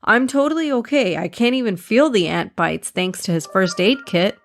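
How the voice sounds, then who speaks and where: A woman's voice: medium pitch, animated, normal speed, slight background noise, lightly acted. A woman voicing a young boy who is cheerful and grateful in a children's storybook. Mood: relieved. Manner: wincing, grateful.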